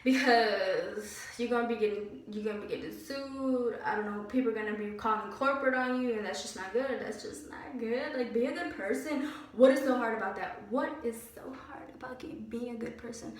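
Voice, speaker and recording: A young woman vlogger telling a story about a bad job in a casual, animated and indignant way, with lots of "like". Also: on the high side, fairly quick, hardly any pauses. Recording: very echoey room, slightly distant mic.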